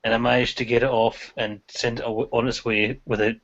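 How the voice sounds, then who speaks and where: A man's voice: mid-range voice, level tone, brisk, vocal fry, fairly bright tone, lo-fi sound. A man co-hosting a casual group video-call chat, easygoing and keen to keep things on topic. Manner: tries to steer the chat back on topic, easygoing.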